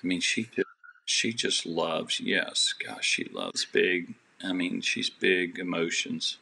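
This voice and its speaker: Deep gravelly man telling his story. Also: lively intonation, slow pace, bright, forceful tone. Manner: earnest, rambling, faith-filled storytelling with many restarts. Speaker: podcast guest. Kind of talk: personal storytelling in a podcast interview.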